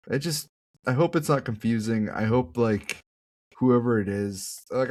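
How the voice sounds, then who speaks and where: Low-voiced man with lively, swooping speech. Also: no room sound. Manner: lively, musing, hedging speculation. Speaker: podcast co-host. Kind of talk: casual chat.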